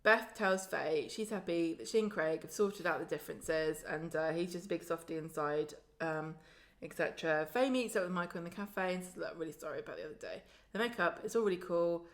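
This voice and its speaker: A woman in casual chat, recapping a soap and acting out characters' lines in quick voices. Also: fairly low pitch, steady tone. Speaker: podcast co-host.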